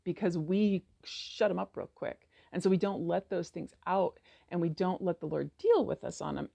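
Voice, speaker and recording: A woman's voice: medium pitch, creaky, dark tone. A woman hosting a casual faith reflection, talking earnestly and rambling with many restarts. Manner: acts out prayers in a raised, heated voice. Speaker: podcast host.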